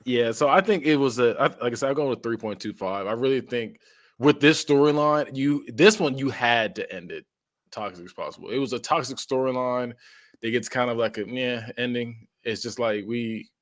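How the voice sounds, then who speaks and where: A man co-hosting a podcast, talking casually with halting restarts and jokes. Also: medium pitch. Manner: halting, repeats himself, joking. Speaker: podcast co-host. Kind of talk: casual chat.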